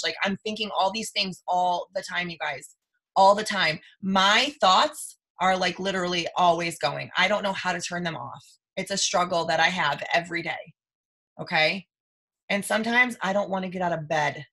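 A woman's voice: lowish voice, moderate pace, bright, forceful tone. A woman in her thirties talking to her team in a live video, emphatic and repetitive, often saying "you guys.". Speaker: team leader. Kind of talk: motivational live stream.

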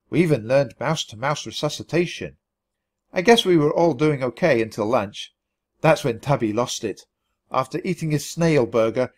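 A man with a mid-range voice reads a children's storybook aloud for learners. His reading is expressive and animated.

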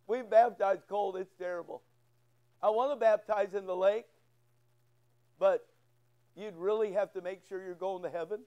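A man's voice: sits high, steady tone, moderate pace, long pauses, mellow, clear, resonant tone, muffled recording. A male pastor preaching a sermon in church, telling a folksy story and acting out both sides of a conversation. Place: church sanctuary.

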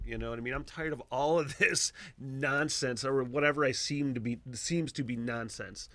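A man hosting a podcast, talking in a casual, profane monologue that swings between low mutters and excited shouts. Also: normal speed, few pauses. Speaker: podcast host.

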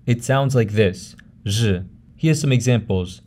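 A man narrating a pronunciation lesson in a measured way, saying example words slowly and often twice. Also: lowish voice, dark tone, a little hiss or hum. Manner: measured, repeats each example word slowly. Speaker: language teacher.

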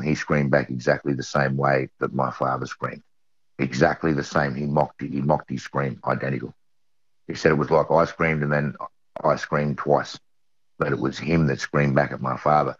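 Very deep-voiced Australian man telling a story. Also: no echo. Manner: earnest storyteller who repeats phrases for emphasis. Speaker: eyewitness. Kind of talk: recounting a personal story. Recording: dull lo-fi audio.

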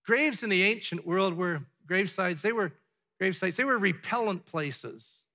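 Bright-voiced male preacher, rising and falling. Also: sits high, animated, moderate pace. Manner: dramatic, drops to a hushed tone for emphasis, then builds up; asks the congregation rhetorical questions. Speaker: pastor. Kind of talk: sermon. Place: church sanctuary.

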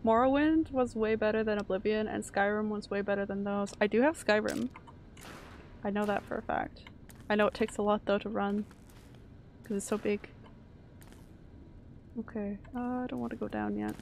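A young woman from Canada chatting and reacting loudly while streaming a game. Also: mid-range voice, steady tone, normal speed, gravelly, long pauses, a little hiss or hum. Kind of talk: live game stream commentary.

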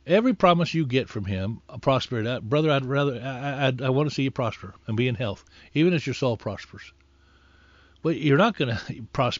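A man's voice: mid-range voice, no echo. A man preaching a conversational sermon in an earnest tone, rising in force when he exhorts. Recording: dull lo-fi dry recording.

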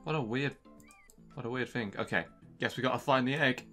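A young man narrating a handheld game as he plays, excitable and jokey. He keeps talking straight to the little characters on screen. His voice is bright and forward, with soft game music faintly behind him. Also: mid-range voice, a little fast. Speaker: gaming channel host. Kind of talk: let's-play commentary.

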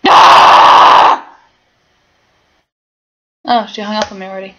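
A woman's voice: fairly high pitch, lively intonation, moderate pace. A young woman from England, rambling in a hyper, self-mocking way as she chats to camera at home. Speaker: vlogger. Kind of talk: casual chat to camera. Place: home room. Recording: dull lo-fi home video with faint noise.

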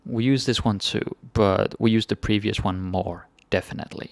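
A man's voice: on the low side, normal speed, creaky, few pauses, no room sound. A Danish man teaching phrases in a casual, chatty lesson, repeating each one with varied intonation. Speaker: language teacher.

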